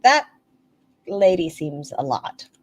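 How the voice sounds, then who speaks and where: A woman's voice: on the low side, sing-song, slow, a little hiss or hum. A woman hosting a casual commentary stream, making snarky, sarcastic remarks.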